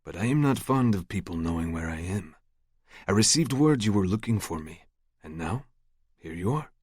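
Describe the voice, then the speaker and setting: A man's voice: low voice, expressive, moderate pace, slightly rough, dry recording, studio quality. A man voicing an older male crime boss with a thick Brazilian accent, in an audiobook. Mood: cool. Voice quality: thick accent, controlled and menacing. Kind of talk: audiobook narration.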